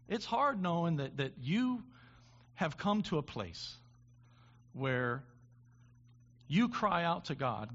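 A man's voice: fairly high pitch, sing-song, a bit bright. Man preaching a sermon, lo-fi. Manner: halting restarts, builds to impassioned preaching. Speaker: pastor.

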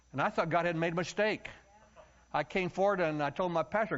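A preacher tells his story in a folksy, lively way. His voice sits a little high for a man. The recording sounds muffled and lo-fi. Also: fairly quick. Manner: storytelling, folksy and animated, acts out shouting congregants. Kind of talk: sermon. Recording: muffled low-fidelity sound.

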